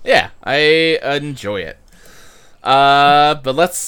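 A man's voice: a little high, expressive, normal speed, sharp tone, clear, resonant tone. A man hosting a podcast in casual chat, rambling, with loose fillers and casual swearing. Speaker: podcast host.

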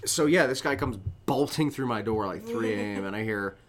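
A man's voice: fairly low pitch, a little fast, over music. A young man co-hosting a podcast, telling a long, rambling, profane story in casual chat. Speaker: podcast co-host.

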